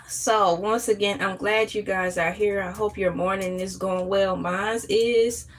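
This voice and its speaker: A woman hosting a casual morning livestream chat, playful and animated, often jumping into high squeals. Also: slow pace, a little hiss or hum. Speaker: livestream host.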